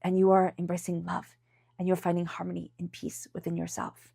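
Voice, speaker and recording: A congested woman giving a casual, chatty tarot reading to camera, emphatic at times and dropping into soft whispers. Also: fairly low pitch, monotone, brisk, creaky, husky, dry recording, clean studio sound. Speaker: tarot reader.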